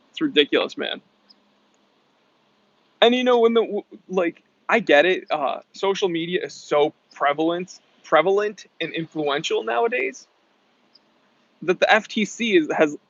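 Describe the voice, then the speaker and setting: A man's voice: a little high, animated, a bit bright, dry recording. A man hosting a casual live-stream Q&A, reading chat comments and answering in a chatty, emphatic way. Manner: chatty, emphatic, quick to clarify himself. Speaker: watch channel host reading live chat. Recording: dull lo-fi sound.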